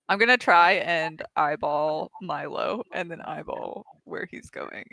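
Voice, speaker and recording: Giggly, slow-talking woman player. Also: deep voice, animated, creaky, pushed and bright, no echo, poor audio. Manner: giggly, playful. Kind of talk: playing a tabletop game.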